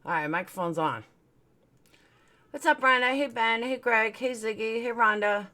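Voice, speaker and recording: With a fairly high, sharp-toned voice at normal speed, a woman runs her own livestream. She greets her chat viewers individually, chats casually, jokes around and laughs at herself.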